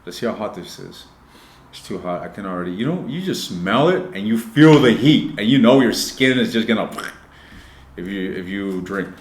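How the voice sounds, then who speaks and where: Man, tarot reader, lowish voice, swears a lot, speaks straight to viewers, roomy echo. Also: expressive, moderate pace, slight background noise. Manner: blunt and profane, addresses viewers directly; shifts between joking asides and earnest advice. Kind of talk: casual tarot reading to camera. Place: indoor room. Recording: roomy echoey room.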